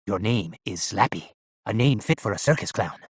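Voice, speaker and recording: An old scheming sorcerer in an audiobook, hushed low voice, husky, dry sound. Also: male voice, lively intonation, normal speed, no room sound, exaggerated voice. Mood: commanding. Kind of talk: audiobook narration.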